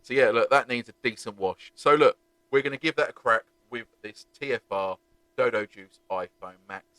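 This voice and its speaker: A man's voice: medium pitch, moderate pace, fairly bright tone, dry recording. A man, chatting animatedly and jokily as he reviews car-cleaning products for his vlog. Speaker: car detailing vlogger.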